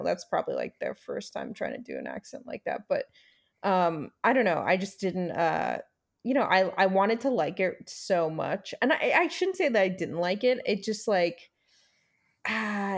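A woman's voice: mid-range voice, sing-song, moderate pace, vocal fry. Blunt, sarcastic woman podcast co-host. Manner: blunt, sarcastic, swears freely. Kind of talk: casual chat.

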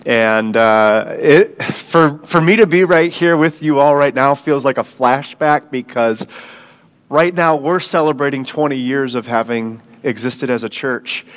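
A man's voice: on the high side, a bit bright. A man from Michigan, a guest pastor, giving a sermon in a loose, conversational, storytelling way with frequent fillers. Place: church service in a gym.

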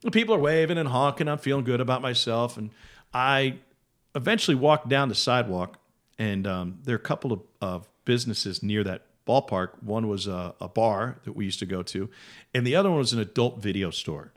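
A man's voice: medium pitch, fairly quick. A man telling a funny story on a podcast in a casual way, acting out other people's voices as he goes. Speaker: podcast guest.

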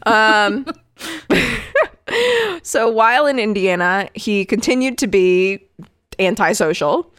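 A woman co-hosts a podcast, walking through a case story in a loose, chatty way full of asides and swearing. Her voice sits at a middle pitch. The sound is dry and close, with no room echo. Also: big pitch swings, slow pace, pauses often, fairly bright tone, smooth. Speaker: podcast co-host telling a case. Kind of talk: casual chat.

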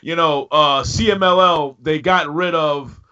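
A man's voice: a little high, measured pace, bright, forceful tone, smooth, muffled recording. A man co-hosting a podcast, talking in brash, profane, laughing comedic banter with mock threats. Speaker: podcast co-host.

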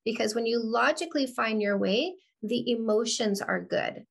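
A woman hosting an interview, speaking earnestly and warmly affirming her guest, often repeating phrases. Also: on the high side, normal speed, creaky. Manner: earnest, affirming, a bit repetitive. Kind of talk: interview conversation.

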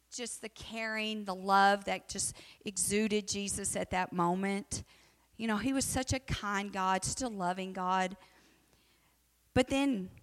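Woman, Bible study teacher, conversational, mid-pitched, echoey hall. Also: measured pace. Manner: conversational, acts out quotes.

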